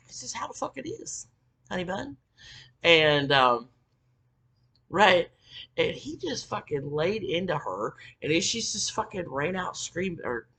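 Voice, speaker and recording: A woman rants through a casual story, swearing freely and looping back with ums and likes. Her pitch swings up and down with a lot of life. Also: fairly bright tone. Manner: profane, rambling, full of fillers. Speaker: vlogger.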